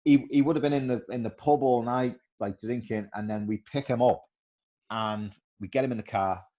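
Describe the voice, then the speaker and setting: A middle-aged man, a former footballer telling animated stories in a casual interview and acting out the voices of others. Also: mid-range voice, normal speed, lo-fi sound.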